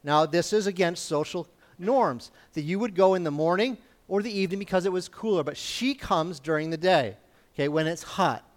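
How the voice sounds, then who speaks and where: A man's voice: high-pitched, moderate pace. A man preaching in a conversational Bible-teaching style, informal and often checking in with his listeners.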